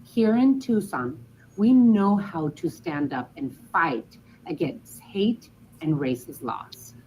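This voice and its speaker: A woman's voice: low-pitched, lively intonation, darkish tone, a little hiss or hum, poor audio. Earnest woman reading a prepared statement. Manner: earnest, measured. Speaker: mayor.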